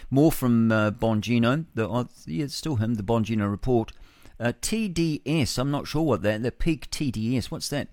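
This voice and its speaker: A man's voice: mid-range voice, moderate pace, darkish tone, no echo, clean studio sound. A man hosting solo breakfast radio, musing aloud and reading news with chuckling rhetorical asides. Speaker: radio host. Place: home studio with a window.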